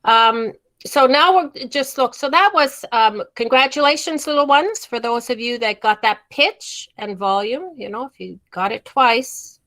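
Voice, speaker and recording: A woman's voice: on the high side, expressive, a little slow, a bit bright. A woman leads a storytelling workshop over a video call, with an emphatic manner. She drags out words she wants to stress and often restarts her phrases as she explains. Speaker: storytelling teacher.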